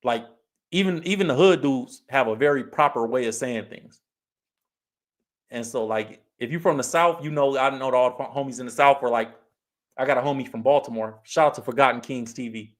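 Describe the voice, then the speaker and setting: A man's voice: mid-range voice, a little fast. Male streamer from California, easygoing chat delivery, frequent laughs, reads comments aloud. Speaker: livestream host. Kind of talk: casual livestream chat.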